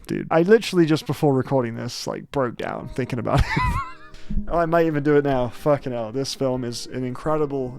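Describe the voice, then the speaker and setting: A young man talking through films in a casual, chatty, sweary review, often restarting his sentences. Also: medium pitch. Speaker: film vlogger. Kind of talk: casual spoken film review.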